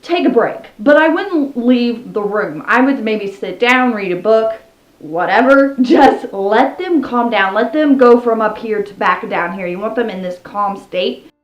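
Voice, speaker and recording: A woman vlogger shares tips on taming parrots from a room at home with her pet birds, keeping it casual and upbeat and cooing at them between tips. Her voice is fairly high, expressive, and unhurried with few pauses, and the recording sounds roomy and slightly dull.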